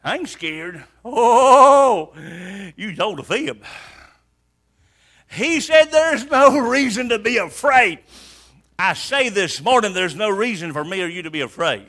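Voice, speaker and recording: A man preaching a sermon, swinging from hushed asides to shouted emphasis. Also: high-pitched, lively intonation, measured pace.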